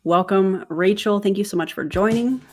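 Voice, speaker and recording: A woman's voice: mid-range voice, moderate pace, a little mellow, soft background music. Chatty woman doing reaction commentary. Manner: chatty, works through calculations step by step. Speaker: YouTube commentator.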